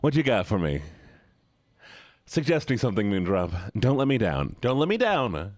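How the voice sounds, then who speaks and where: A man's voice: fairly low pitch, big pitch swings, moderate pace, a little mellow, dry recording, clean studio sound. A male live streamer chatting playfully with his viewers, pleading and teasing. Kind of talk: casual chat with viewers.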